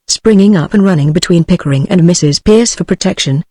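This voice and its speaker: A text-to-speech woman's voice with a British English accent, reading a stage play aloud in an even, synthetic manner. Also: lowish voice, fairly quick, dry recording, clean studio sound. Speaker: narrator.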